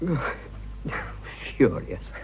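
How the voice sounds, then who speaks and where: Drawing out his words over slight background noise, a male English actor voices a bashful, earnest young businessman declaring love. It's 1940s radio acting on a dull old broadcast. The suitor is flustered and ardent, eager yet bashful and blustering.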